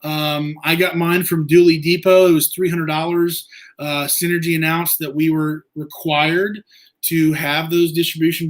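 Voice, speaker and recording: A man hosting a casual livestream, answering viewer questions in a rambling, halting way with many fillers. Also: a little high. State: eye irritated from injury. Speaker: livestream host.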